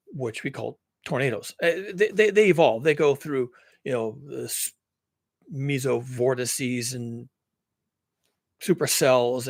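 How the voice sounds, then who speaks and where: A man's voice: fairly high pitch, dry recording. Earnest man explaining, dry close sound. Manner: earnest, repetitive, explaining with lists and restarts. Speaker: climate commentary host. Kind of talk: live-streamed solo talk.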